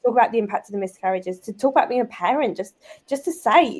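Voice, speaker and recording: A British woman in her thirties with a somewhat high voice talks in a relaxed, conversational way. She tells stories quickly and animatedly, filling pauses with "like" and "um". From United Kingdom. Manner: lively, chatty, many fillers like "like" and "um". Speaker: guest, business owner and mother. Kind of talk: casual conversational storytelling.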